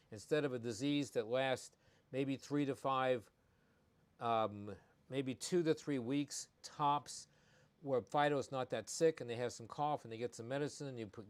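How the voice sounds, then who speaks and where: A man who is a veterinarian, hosting a live-streamed pet health talk in a folksy, conversational way and repeating his key points. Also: mid-range voice. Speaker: veterinarian host.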